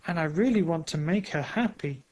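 A man's voice: a little high, lively intonation, moderate pace, a little mellow, close to an everyday voice, poor audio. A man voicing an earnest, determined father in a storybook. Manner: earnest, eager.

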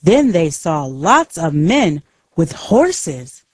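A woman narrating a simple storybook aloud, slow and clear for learners. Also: low voice, very animated, darkish tone, no echo.

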